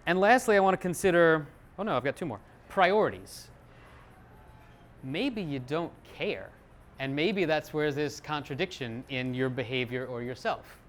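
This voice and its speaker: Lively man giving a self-mocking talk. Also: fairly high pitch, moderate pace, a little hiss or hum. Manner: lively, self-deprecating, acts out quotes. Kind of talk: live talk to an audience.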